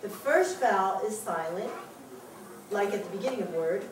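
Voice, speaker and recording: A woman's voice: medium pitch, lively intonation, normal speed, background noise. A woman teaching a Hebrew reading class, upbeat and laughing often. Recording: echoey classroom from far off. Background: class of adult learners.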